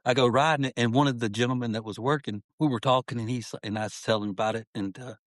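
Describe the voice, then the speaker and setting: As a podcast guest, a middle-aged man tells his life story in an earnest, heartfelt interview, often saying "man" as he goes. His medium-pitched voice is steady in tone and fast. The recording is dry.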